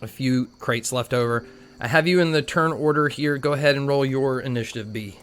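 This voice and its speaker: A man's voice: medium pitch, fairly quick, fairly bright tone. A man narrating a tabletop game as game master, in loose, chatty narration full of filler words.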